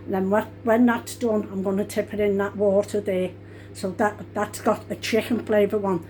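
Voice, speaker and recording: A woman's voice: medium pitch, flat delivery, normal speed, darkish tone, slight background noise. Chatty older woman cooking at home. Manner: chatty, rambling, self-correcting. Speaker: home cook, grandmother. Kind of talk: casual cooking vlog. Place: home kitchen.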